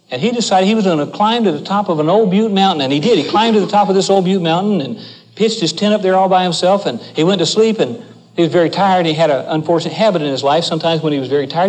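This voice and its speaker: Older guy with a high voice spinning a folksy yarn, really animated. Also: rough recording. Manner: animated, acts out the voices in the story. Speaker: storyteller. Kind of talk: folksy storytelling.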